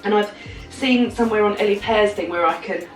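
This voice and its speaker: A woman's voice: medium pitch, brisk, faint music behind. Woman in her thirties, chatty home vlogger, rambling and giggly, slightly stuffy with a cold. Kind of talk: casual chat. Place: home kitchen.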